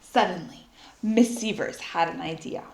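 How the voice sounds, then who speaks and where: A woman reading a children's story aloud in an expressive, lively way. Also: on the low side, a little slow, creaky. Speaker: storybook reader. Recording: echoey room.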